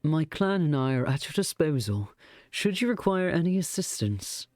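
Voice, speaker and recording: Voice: mid-range voice, very animated, normal speed, darkish tone, no echo, studio quality, faint music behind, voice pushed up. A streamer doing a suave old vampire man. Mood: courtly. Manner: fancy villainous put-on voice, half-British. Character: suave centuries-old male vampire, teasing.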